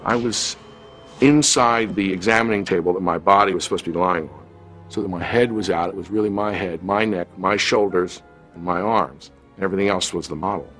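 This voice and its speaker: A man in his fifties, an actor telling a reflective, unhurried anecdote from a film shoot in an interview. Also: deep voice, a bit bright, soft background music.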